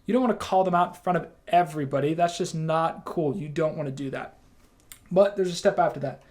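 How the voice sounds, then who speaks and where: A young man gives a training talk to his team in a casual, emphatic way, breaking now and then into quick quoted lines. His voice sits a little higher than most men's. The delivery is loose and conversational rather than scripted. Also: darkish tone.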